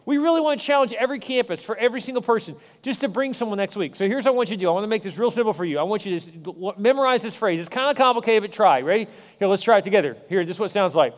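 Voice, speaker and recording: A middle-aged man preaching a sermon as a pastor, repeating his points with emphasis and rising to excited encouragement. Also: high-pitched, rapid-fire, some chatter behind. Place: large church hall with long reverb. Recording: hall reverb.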